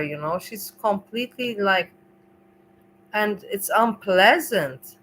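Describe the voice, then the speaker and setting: A woman's voice: mid-range voice, lively intonation, slow, fairly bright tone, slight background noise, low-quality recording. A woman hosting a livestream, chatting casually in a rambling, emotional way and swearing freely. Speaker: livestream host.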